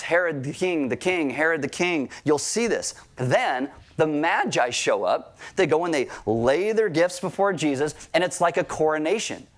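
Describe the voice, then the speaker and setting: A married man preaching a sermon to a church congregation, talking casually, asking the crowd questions and joking lightly. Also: a little high. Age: adult, married. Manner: conversational, asks the crowd questions and jokes lightly. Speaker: pastor. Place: church service before a congregation.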